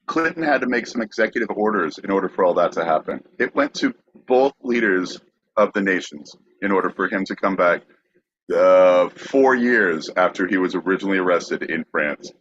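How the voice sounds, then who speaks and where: Low-voiced man recounting a story. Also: lively intonation, fairly bright tone, dull audio, slight background noise. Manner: halting, filler-heavy. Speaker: podcast host. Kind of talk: recounting a true crime story.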